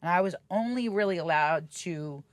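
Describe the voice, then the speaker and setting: Blunt, animated middle-aged woman storyteller. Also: fairly low pitch, normal speed, dry recording. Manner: animated, acts out quoted voices; blunt, swears freely. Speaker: podcast guest. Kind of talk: casual storytelling interview.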